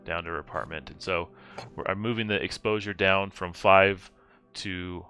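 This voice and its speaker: A man's voice: low voice, normal speed, sharp tone, clean tone, soft background music. A man running a tabletop horror game as game master, talking casually with lots of fillers.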